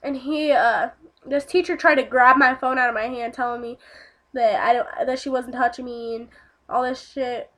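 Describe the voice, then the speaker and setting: A woman's voice: high-pitched, fairly even intonation, normal speed, fairly bright tone. A young woman telling a casual storytime vlog, rambling with lots of fillers and swearing.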